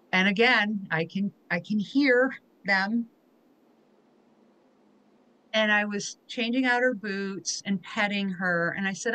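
A woman with a bright, forward tone hosts a conversational interview. She tells her stories in a heartfelt, emotional way. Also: mid-range voice, unhurried, rough recording. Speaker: podcast host.

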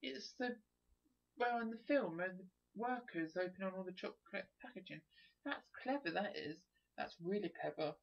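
A gamer giving chatty, excitable let's play commentary, thinking aloud as they explore. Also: mid-range voice, moderate pace, creaky. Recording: dull lo-fi recording.

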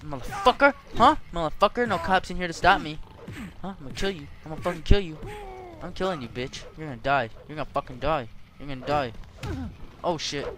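A man's voice: on the high side, steady tone, brisk, crowd noise. A young man doing gameplay commentary, cursing and trash-talking the characters on screen. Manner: profane, trash-talking, yelling at game characters. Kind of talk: let's play commentary.

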